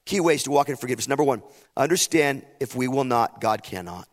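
A man's voice: medium pitch, animated, brisk. A middle-aged man, a pastor, telling a personal story in a sermon and building to impassioned emphasis. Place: camp meeting hall. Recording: long hall reverb.

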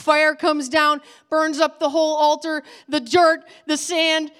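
A woman preaching a sermon as a lively story, acting out the characters' lines with big jumps in loudness. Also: measured pace, few pauses. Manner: animated, acts out characters' lines with big swings in pitch and volume.

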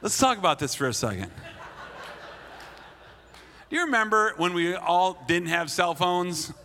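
A man's voice: high-pitched, animated, unhurried, sharp tone, a little hiss or hum. A man preaching a sermon to a crowd, blunt and playful, acting out the lines he quotes. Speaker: pastor. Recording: long hall reverb.

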